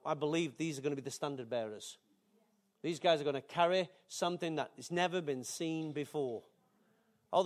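An older man, preaching a sermon in a chatty, joking way with asides to the congregation. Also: a little high. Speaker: pastor.

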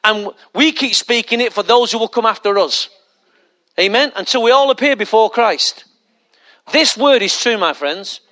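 Bright-voiced pastor preaching. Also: male voice, sits high. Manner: conversational, mocking asides, rhetorical questions. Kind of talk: sermon.

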